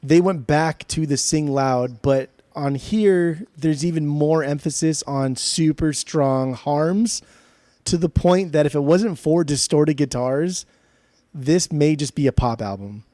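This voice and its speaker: A man co-hosting a podcast, talking about albums in an animated, joking, profane way. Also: on the high side, slow pace, no echo, studio quality. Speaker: podcast co-host. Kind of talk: casual music review chat.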